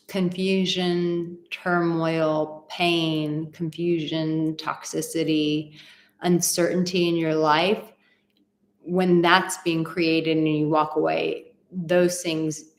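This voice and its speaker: A woman's voice: low voice, flat delivery, extremely slow. Chatty woman coach in a roomy room. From Texas, USA. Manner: earnest and chatty, with frequent fillers and laughs. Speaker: relationship coach and host. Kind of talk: live-stream advice, reading viewer comments aloud. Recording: roomy echo with faint ambience.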